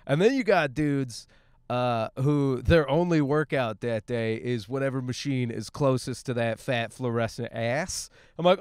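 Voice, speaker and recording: A man in his thirties talks off the cuff in his car, riffing and swearing as he goes. His voice is smooth and clear and sits a little high for a man. He rambles, restarts and jokes through a loose podcast monologue. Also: unhurried, dry recording, clean studio sound. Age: 30s. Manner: rambling, profane, jokey. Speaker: podcast host. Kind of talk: casual monologue while driving.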